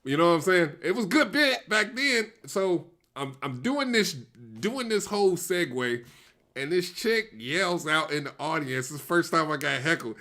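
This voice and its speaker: Comic host, male, easygoing storyteller with a bright, clear voice. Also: fairly high pitch, moderate pace. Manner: animated, laughs through his stories. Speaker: comedian co-host. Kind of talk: casual chat, storytelling.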